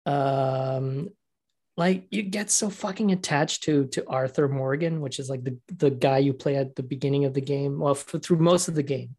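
A man co-hosting a podcast in casual chat, excitable, laughing often and restarting his sentences. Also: medium pitch, normal speed. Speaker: podcast co-host.

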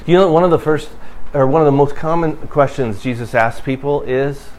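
A man preaching a sermon as a pastor, speaking conversationally, building to emphatic bursts and then dropping low and quiet. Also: moderate pace.

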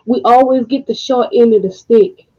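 A woman hosting a podcast, speaking in a casual monologue, emotional and frustrated, with slow deliberate pauses. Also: a little high, mellow. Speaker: podcast host. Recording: dull lo-fi audio.

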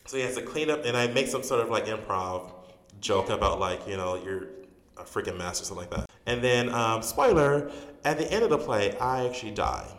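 A man's voice: medium pitch, brisk, slight background noise. A man, a stage actor being interviewed, telling stories casually with lots of fillers and restarts. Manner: animated storyteller, many fillers and restarts. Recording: roomy reverberant room.

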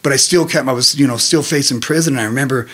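A man's voice: mid-range voice, fast talker. A man in his thirties telling profane, laughing stories in casual conversation. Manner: profane, laughing, animated storyteller. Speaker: podcast guest. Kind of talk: storytelling in casual chat.

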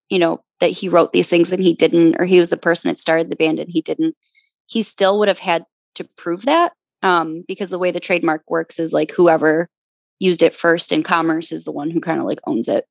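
A woman's voice: fairly low pitch, steady tone, moderate pace, creaky, no echo. A woman guest on a podcast, explaining a point step by step in casual talk. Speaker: band member guest.

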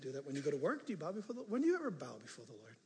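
An older man preaching a sermon as pastor, animated, moving from hushed asides to loud emphatic passages. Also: fairly high pitch, very fast, crowd noise. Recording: reverberant hall.

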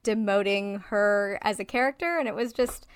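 A woman chatting casually about a film, animated, with many fillers, now and then acting out the characters' lines. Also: mid-range voice, normal speed, smooth, no echo, studio quality.

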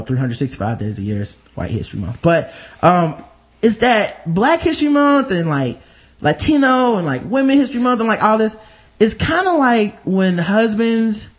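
A man with a high voice talks on a casual podcast. He rambles loosely from one comic riff to the next, swearing freely. He drops into mock voices to act out the people he is describing.

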